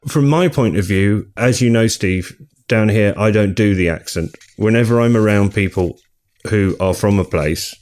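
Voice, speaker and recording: A man's voice: lowish voice, normal speed, darkish tone. A middle-aged man co-hosting a book podcast, chatty and rambling, laughing often. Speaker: podcast co-host. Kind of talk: casual chat.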